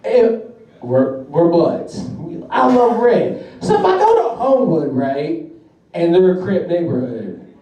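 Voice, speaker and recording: A man's voice: high voice, sing-song, slow, mellow. A young man performing a profane, laughing stand-up comedy routine. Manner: brash, profane, laughing through jokes. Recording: echoey room from far off.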